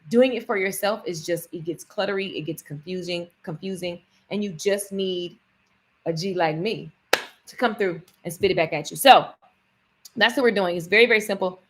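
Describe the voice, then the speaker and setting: A woman business coach talking to viewers on a live stream, chatty and energetic, addressing them directly. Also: mid-range voice.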